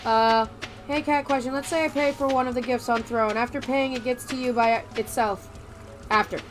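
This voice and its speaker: A woman hosting a casual co-op gaming session, goofy and excitable, joking around with friends over a voice chat mic. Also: sits high, a little fast, soft background music. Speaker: let's play host. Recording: noisy background hiss.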